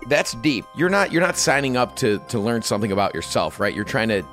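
A man reacting to a spooky story in casual chat, dramatic and excitable. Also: mid-range voice, brisk, faint music behind.

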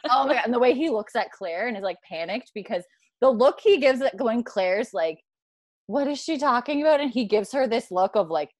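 A woman hosting a casual fan discussion, animated and acting out lines she quotes, with plenty of fillers. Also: fairly high pitch, fairly quick, no echo. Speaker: podcast host.

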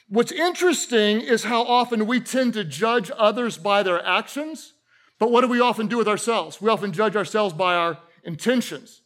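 A middle-aged man, a pastor, preaching a sermon to a church congregation with animated storytelling and humorous asides. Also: very high-pitched, brisk. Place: church auditorium with a live congregation.

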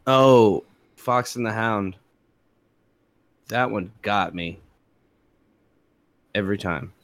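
A young man co-hosting a podcast in casual chat, animated and jumping into high voices when he quotes people. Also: takes it slowly, no echo. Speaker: podcast co-host.

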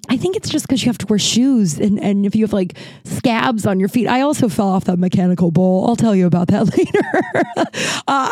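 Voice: mid-range voice, a little mellow, no room sound. A podcast host telling a travel story in a casual, rambling way, full of restarts and filler words, swearing freely.

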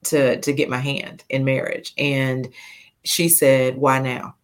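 A woman in her fifties, a podcast guest telling a personal story in a heartfelt, animated way, laughing now and then. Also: rumbling low, slow. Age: 50s.

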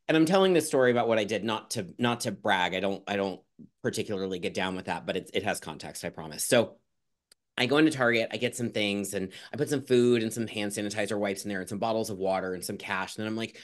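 A man's voice: on the low side, fairly quick. A man guest on a podcast, telling a personal story frankly and with self-deprecating humor, chatty and full of restarts.

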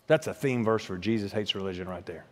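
A male pastor preaching a sermon, emphatic, often repeating words as he builds to a point and then dropping low and quiet. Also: fast. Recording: long hall reverb.

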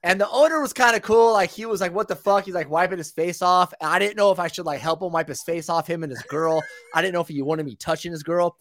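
A man telling stories as a guest in a casual chat, animated and full of swearing. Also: high voice, fast talker, few pauses, no echo. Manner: animated, profane storytelling.

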